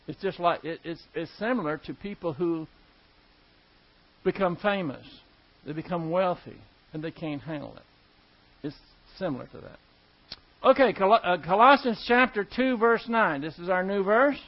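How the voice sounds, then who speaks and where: High-voiced man teaching a Bible lesson. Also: expressive, normal speed. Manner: conversational, emphatic, repeats key words. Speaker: preacher. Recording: dull lo-fi recording.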